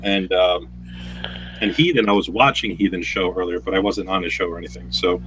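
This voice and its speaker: A man in casual chat as a guest, telling stories in a profane, animated way. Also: deep voice, brisk, faint music behind, rough recording. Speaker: guest streamer.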